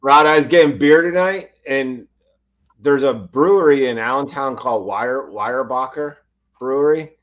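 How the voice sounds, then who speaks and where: A man's voice: mid-range voice, normal speed. A man from Pennsylvania telling laid-back, profane stories in a casual livestream chat. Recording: dull lo-fi audio.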